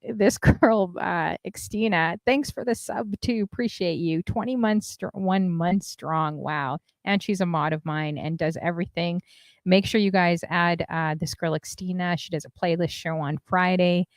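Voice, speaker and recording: A talkative woman host on a casual live stream, reading out chat messages and laughing often. Her voice sits a little low for a woman, and it is recorded dry and close with no room sound. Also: dry recording. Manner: chatty, reads out chat comments, laughs often.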